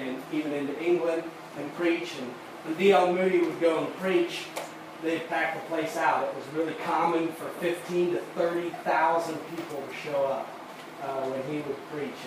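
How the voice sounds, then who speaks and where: A man preaching a sermon, telling a story at a halting pace with repeated words, then building to fervent emphasis. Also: fairly high pitch. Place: church sanctuary. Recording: echoey room, distant mic, noisy.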